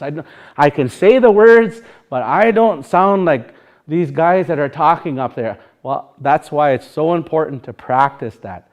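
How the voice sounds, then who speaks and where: A man's voice: fairly high pitch, lively intonation, measured pace, a little mellow. A man with a Sioux Valley Dakota accent teaching a live language class, talking informally and rambling, singing phrases to show how they should sound.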